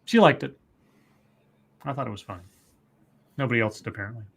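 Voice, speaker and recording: A man's voice: mid-range voice, fast, creaky. A man hosting a casual podcast, joking wryly and reading out social media posts. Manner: wry, joking, reads out tweets. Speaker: podcast host. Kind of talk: casual chat.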